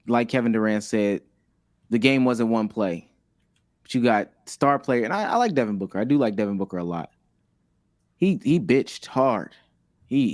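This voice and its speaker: A man's voice: mid-range voice, no echo, clean studio sound. Blunt, emphatic male podcast co-host. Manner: blunt, emphatic, repeats his point. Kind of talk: casual sports chat.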